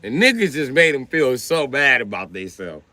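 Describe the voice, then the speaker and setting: A man livestreaming a crude comedy rant, loud and mocking, laughing often. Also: mid-range voice, big pitch swings, moderate pace, dry recording.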